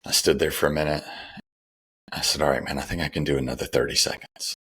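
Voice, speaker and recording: A man's voice: a bass voice, steady tone, fast talker, a bit bright, breathy edge. A middle-aged man, a podcast guest, candidly telling a personal story and retelling the dialogue, with some restarts.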